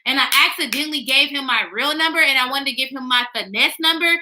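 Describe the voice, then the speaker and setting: A young woman speaks straight to her viewers in a casual vlog. Her voice is high and piercingly bright. She talks bluntly, swears freely and keeps venting her annoyance. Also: fast talker. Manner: frank, heavy swearing, exasperated ranting. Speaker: vlogger. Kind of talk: casual chat to camera.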